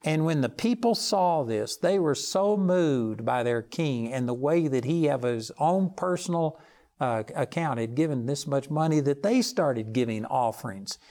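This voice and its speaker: A man preaching a televised sermon, telling stories earnestly and rising for emphasis. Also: dark tone. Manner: earnest storytelling, rises in pitch for emphasis.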